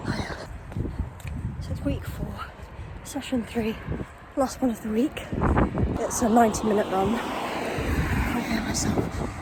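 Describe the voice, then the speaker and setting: A woman's voice: fairly high pitch, steady tone, unhurried. A young woman chatting casually about her running while out on a run, a little out of breath. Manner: chatty, upbeat, informal. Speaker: vlogger. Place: outdoors on runs. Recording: noisy outdoor phone recording.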